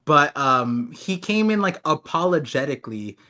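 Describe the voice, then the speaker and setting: Rambling through a casual chat, a podcast co-host in his thirties laughs a lot and drops quick jokey asides. His fairly high voice is bright and forceful, swinging widely in pitch.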